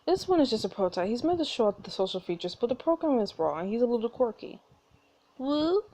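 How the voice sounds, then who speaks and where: A calm inventor father explains things in a soothing, steady way, as a woman reads him out in a story game. His lines come out mellow and warm, sitting a touch lower than her narration. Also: fast talker. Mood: explaining. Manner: soothing, reassuring, matter-of-fact.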